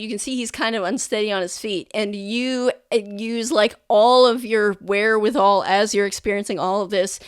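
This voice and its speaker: A woman's voice: medium pitch, clear, resonant tone, dry recording, clean studio sound. A woman narrating a tabletop game as game master, loose and full of fillers.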